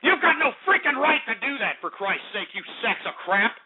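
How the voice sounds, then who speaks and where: A man hosting a talk radio show, delivering an exasperated, swearing rant with frequent shouting. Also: very high-pitched, very animated, normal speed, breathy edge. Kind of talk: angry on-air rant. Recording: narrow phone-like radio audio.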